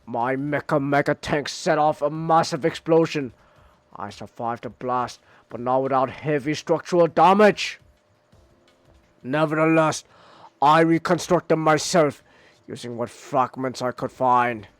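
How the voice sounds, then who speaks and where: A man's voice: fairly high pitch, unhurried, no echo, natural voice. A man voicing a boastful male robot crocodile prison warden in a comic read aloud on stream. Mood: gloating. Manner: gloating villain monologue read aloud.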